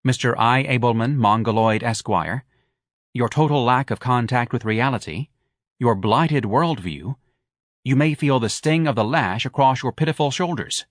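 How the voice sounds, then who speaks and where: A man voicing a pompous, scornful letter writer who drags out his insults slowly and grandly. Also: mid-range voice, no room sound, studio quality, natural voice. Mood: sneering, grandiose.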